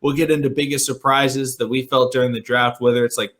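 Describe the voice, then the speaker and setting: A man's voice: mid-range voice, level tone, fairly quick, fairly bright tone. A man hosting a casual sports podcast, upbeat and chatty with frequent ums and restarts. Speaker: podcast host.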